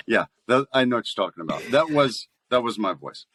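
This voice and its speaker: A man's voice: lowish voice, a little fast, hardly any pauses, no room sound. A man who works as a voice actor, talking casually as a guest and telling stories with frequent laughs. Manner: chatty storyteller, laughs often, animated voice play. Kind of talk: casual podcast interview.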